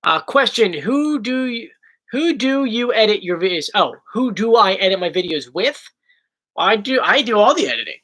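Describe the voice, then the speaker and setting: A man's voice: high voice, big pitch swings, moderate pace, sharp tone, rough recording. A young man with a South Jersey accent, chatting casually as host of a livestream Q&A and reading viewer questions aloud. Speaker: YouTube host.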